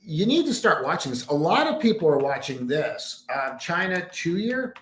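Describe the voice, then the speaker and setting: Very animated and fairly bright in tone, this man's slightly high voice moves at a moderate pace as he hosts a casual market-analysis livestream from home. His delivery is rambling and emphatic, with mumbled asides to his screen, in a condo room that echoes noticeably.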